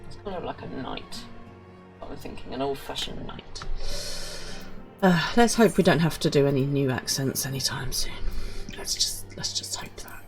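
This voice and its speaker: A woman's voice: extremely low pitch, animated, moderate pace, creaky, music in the background. A woman from Britain chatting casually as a game streamer, self-mocking and chatty. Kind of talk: casual live-stream chat.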